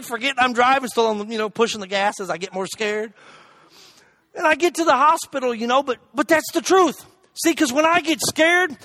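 Delivering a funny sermon, this preacher tells his story with jokey animation and bursts of shouted asides. His very high voice comes through with no room sound.

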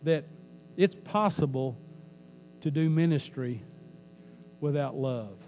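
A pastor preaching a conversational sermon in a church, joking with the congregation and repeating phrases for emphasis. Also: male voice, a little high, slow, mellow, low-quality recording. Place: church sanctuary. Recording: faint mains hum.

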